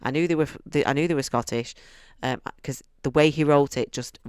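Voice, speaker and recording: Man, book reviewer, chatty and enthusiastic; crisp, dry voice. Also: on the high side, fairly quick, darkish tone, dry recording. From United Kingdom. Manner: chatty and enthusiastic, restarts sentences often.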